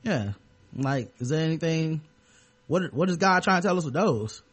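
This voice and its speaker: A man hosts a loose comedy podcast, joking and sarcastic as he rambles. His voice sits on the higher side. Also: lively intonation, normal speed, slightly rough. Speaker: podcast host. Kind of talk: casual comedic podcast chat.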